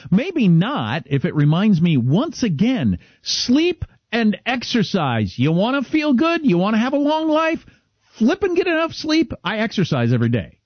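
A middle-aged male radio co-host with a slightly husky voice that swings lively up and down as he chats. The sound is dry and a bit dull, like a close studio mic. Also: sits high, moderate pace, no echo. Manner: chatty, animated, self-deprecating. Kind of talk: casual talk show chat.

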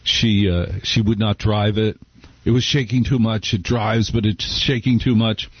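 A man's voice: on the low side, steady tone, a little slow, slightly rough, dry recording, dull audio. A middle-aged man hosting a talk radio show, chatting in a wry, rambling, conversational way. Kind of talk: casual talk radio monologue. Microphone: studio microphone.

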